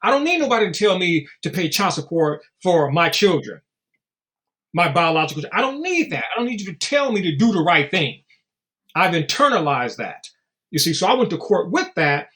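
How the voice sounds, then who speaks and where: High, lively-voiced man talking bluntly. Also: a little fast. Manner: blunt, profane and emphatic; storytelling with acted-out quotes. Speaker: guest. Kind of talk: casual podcast interview.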